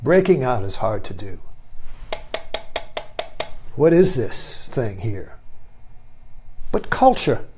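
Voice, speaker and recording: A man's voice: on the high side, a little mellow. An older man giving a rambling philosophical talk he records himself, musing aloud and often tagging phrases with "you see.". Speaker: online talk host.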